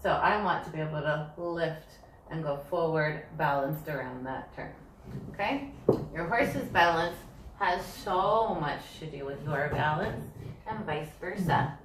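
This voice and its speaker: A woman's voice: low-pitched, a little slow. A woman teaching dressage riding, demonstrating the moves herself on a yoga ball as she explains them. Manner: practical, demonstrates while talking. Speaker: dressage instructor. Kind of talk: instructional demonstration. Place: indoors, sitting on a yoga ball. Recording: roomy, distant mic, faint hiss.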